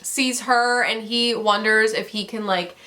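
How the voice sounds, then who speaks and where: A woman's voice: a little high, fairly even intonation, unhurried, bright, forceful tone. A young woman casually reviewing a book, rambling and candid, swearing and laughing often.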